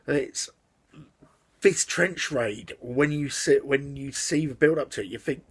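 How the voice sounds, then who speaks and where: A man's voice: medium pitch, fairly even intonation, unhurried, breathy edge. A man casually reviewing a film in his vlog, rambling with lots of fillers and restarts. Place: outside the house.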